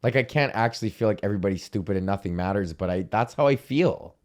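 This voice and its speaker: A man's voice: on the low side, lively intonation, fast, darkish tone. A young man hosting a solo comedy podcast, ranting in a profane, rambling, self-deprecating way. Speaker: podcast host.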